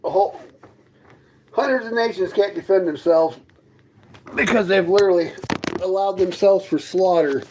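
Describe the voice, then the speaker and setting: Inside his fifth-wheel trailer, a man runs a laid-back livestream where he sarcastically mocks and argues with the people in his chat. The voice is high and a little mellow, at a moderate pace with long pauses, and the rough recording carries slight background noise.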